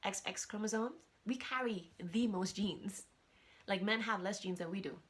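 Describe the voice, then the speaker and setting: An animated woman hosts her podcast in a casual, chatty way. She talks straight to her listeners and keeps their attention in a mid-range voice. It is recorded as she sits in front of her camera. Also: mid-range voice, moderate pace. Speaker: podcast host. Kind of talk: casual chat. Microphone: camera with audio.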